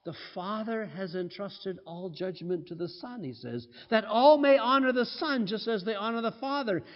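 A man preaching a sermon, emphatic and climbing to loud peaks on key points. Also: sits high, normal speed. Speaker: pastor. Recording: muffled sound with long hall reverb.

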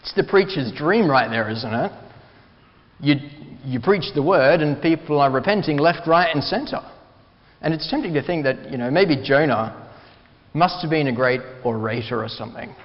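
Pastor guy preaching, a bit higher voice, long echo, kinda dull muffled sound. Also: expressive. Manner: earnest, emphatic preaching with slow stressed phrases. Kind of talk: sermon. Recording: dull, hall reverb.

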